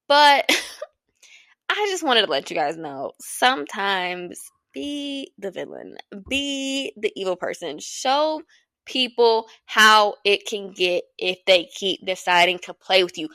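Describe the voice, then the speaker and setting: Bright, blunt young woman podcaster. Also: mid-range voice, no echo, clean studio sound. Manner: blunt, profane, rambling with bursts of laughter. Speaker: podcast host. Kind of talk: casual solo podcast monologue.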